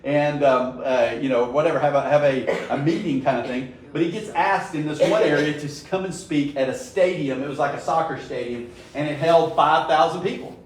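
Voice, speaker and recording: A man with a slightly higher voice teaches a Bible study in a loose, storytelling way, often asking his listeners "right?" He sounds heavily echoed and some distance from the microphone, as in a bare church room, with a faint hum of room noise behind him. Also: moderate pace, hardly any pauses. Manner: storytelling, frequent "right?" check-ins.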